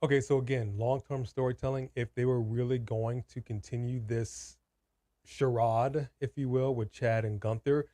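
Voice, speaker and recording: A man's voice: mid-range voice, steady tone, moderate pace, warm tone, no room sound. A man co-hosting a casual live watch-party stream, ranting emphatically and repeating his points. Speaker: co-host.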